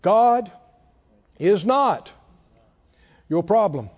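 Speaking extremely slowly, a man preaches in a high, slightly mellow voice with lively intonation, repeating and emphasizing words as he rises and falls sharply. The lo-fi recording sounds dull and carries the reverb of a large hall.

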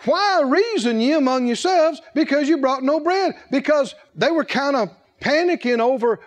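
An older man preaching a sermon, animated and playful, often laughing at his own points. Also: very high voice, moderate pace, few pauses. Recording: hall reverb.

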